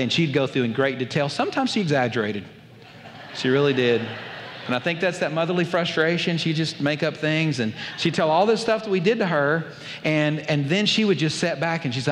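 A man with a drawl delivers a sermon, weaving in a childhood story and acting out family voices. His voice sits fairly high for a man. Long reverb trails behind him, as if he is in a large hall. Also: fairly quick. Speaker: pastor.

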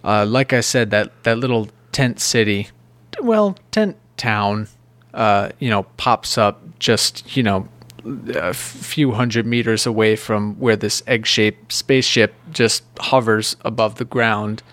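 A man's voice: fairly low pitch, takes it slowly, a bit bright, dry recording. A man casually recapping a movie plot on a podcast, rambling and joking. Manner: rambling, jokey, puts on silly voices. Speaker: podcast co-host. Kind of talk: casual movie review chat.

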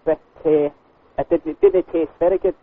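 A man's voice: fairly high pitch, big pitch swings, normal speed, gravelly, a little hiss or hum. A man putting on a shaky fake Scottish accent as a pushy, rambling customer on a prank call. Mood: complaining. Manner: rambling, repetitive, slips into swearing. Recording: tinny phone line.

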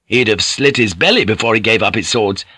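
A man's voice: lowish voice, animated, a little fast, bright, forceful tone, breathy edge, dry recording, clean studio sound, exaggerated voice. A man reading an audiobook and voicing a hot-headed young samurai officer who speaks with heated bitterness. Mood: bitter.

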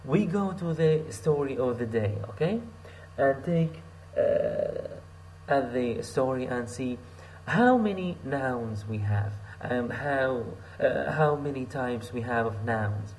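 Slow patient man teaching a lesson. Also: medium pitch, animated, a little mellow, slight background noise, poor audio. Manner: slow, patient, repeats phrases, many fillers. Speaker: Arabic teacher. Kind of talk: recorded language lesson.

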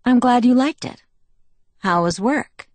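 Woman narrator doing a young daughter in a storybook, sharp retorts, dry sound. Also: a little high, expressive, a little slow, no echo, pitched above the performer's own voice. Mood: polite.

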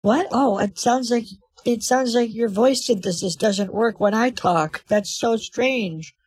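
Teasing, husky-voiced woman streamer. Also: fairly high pitch, unhurried, a little mellow, no room sound. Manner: teasing, playful. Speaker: streamer baiting a scammer. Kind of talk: live stream chat.

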